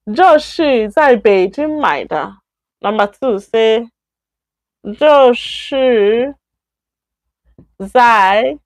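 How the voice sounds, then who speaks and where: Slow, careful Nigerian woman teaching. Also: on the high side, no echo. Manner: slow, repeats words, self-corrects. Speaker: Chinese teacher. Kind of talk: live-stream language lesson.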